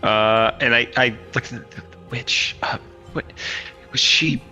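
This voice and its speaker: A man playing a hesitant, bright-voiced stranger. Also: mid-range voice, fairly even intonation, lo-fi sound, faint music behind. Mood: puzzled. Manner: hesitant, halting. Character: polite wandering male stranger.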